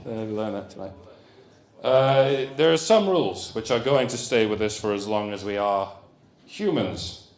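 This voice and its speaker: A man delivers a comic lecture in a conference hall, jokey and prone to rambling asides. His pitch leaps and dips all over the place. The room adds a noticeable echo. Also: lively intonation, unhurried. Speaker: comedian giving a conference talk.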